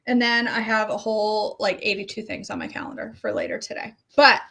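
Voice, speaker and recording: A woman's voice: medium pitch, steady tone, brisk, vocal fry, fairly bright tone. A middle-aged woman chatting casually as a health coach vlogger, rambling and self-deprecating as she talks to her viewers. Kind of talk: casual chat.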